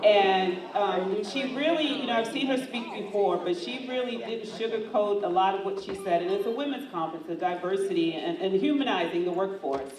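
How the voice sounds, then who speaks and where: A woman's voice: mid-range voice, normal speed, few pauses, a crowd in the background. A woman hosting an event, speaking from the heart to an audience, emotional, with fillers. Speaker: event host. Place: large event hall. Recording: echoey hall from far off, faint noise.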